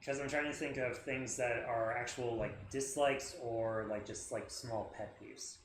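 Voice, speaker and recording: A man's voice: medium pitch, fairly even intonation, measured pace, a little hiss or hum. A man co-hosting a stream, chatting casually about a movie and searching for his words. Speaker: stream co-host. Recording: echoey room.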